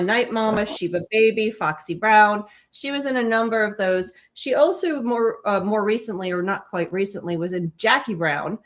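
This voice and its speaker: A woman co-hosting a casual film discussion, enthusiastic and digressive, often correcting herself mid-sentence. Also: mid-range voice. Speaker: podcast co-host and author.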